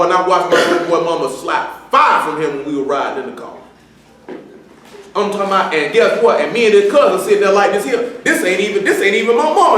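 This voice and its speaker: A man's voice: high voice, a bit bright. A man preaching and scolding a young man in front of the congregation, talking in a stern, slangy, conversational way. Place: church assembly room. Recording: far from the mic in an echoey hall with faint noise.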